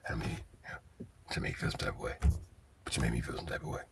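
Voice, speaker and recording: A man voicing a menacing, smug male crime-fighter in a low, husky whisper, speaking slowly and creepily. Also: far from the mic, a little hiss or hum, lightly acted.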